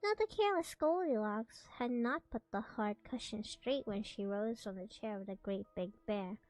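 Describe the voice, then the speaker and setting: A woman's voice: medium pitch, normal speed, darkish tone, no echo, soft background music, rough recording. A young woman streamer reading a storybook aloud, playful and giggly, correcting herself as she goes.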